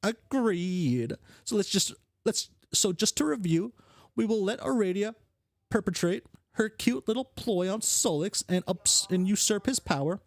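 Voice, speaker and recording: Dude doing a higher, snarky troll girl, cocky and swearing, dry room. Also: animated, a little slow, no echo. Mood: scheming. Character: brash, sarcastic, scheming young female alien troll.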